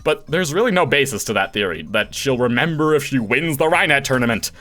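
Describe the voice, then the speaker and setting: Lively, bright-voiced male game reader. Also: medium pitch, fairly quick. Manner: theatrical, bursts into laughs and shouts. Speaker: voice actor playing a visual novel. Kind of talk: acted game reading with reactions.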